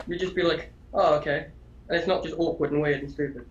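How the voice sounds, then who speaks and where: A man's voice: a little high, steady tone, quick pace, highs cut off. A man co-hosting a gaming podcast in casual chat, rambling with lots of restarts and casual swearing. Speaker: podcast co-host.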